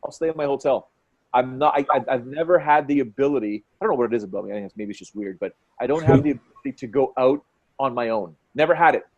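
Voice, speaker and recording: A man in his forties, a fight commentator guest, telling stories in an excitable, quick way and acting out what people said. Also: mid-range voice, dull audio. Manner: excitable, quick storyteller who acts out quotes. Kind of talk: animated storytelling in conversation.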